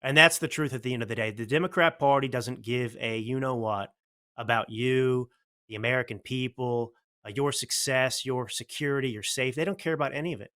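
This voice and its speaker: A man's voice: mid-range voice, a little fast, bright, forceful tone. A man hosting a political commentary show, talking bluntly and combatively with lots of rhetorical questions. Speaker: show host.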